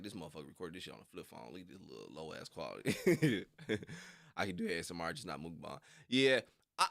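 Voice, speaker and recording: A man's voice: low voice, vocal fry, fairly bright tone, dry recording. A young man rambling casually on a livestream, full of slang and frequent laughter. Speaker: reaction streamer.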